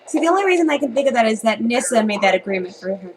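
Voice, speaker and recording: A young woman reacting to a trailer in casual, sarcastic, excitable fan chatter. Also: fairly high pitch, very fast, noisy background.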